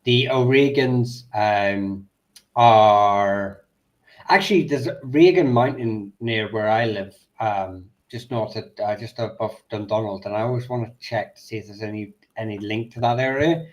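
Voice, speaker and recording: This man from Northern Ireland has an Ulster accent softened by English elocution lessons, and he talks casually about history. His voice is on the low side and measured in pace. He sounds hesitant, with frequent ums and restarts.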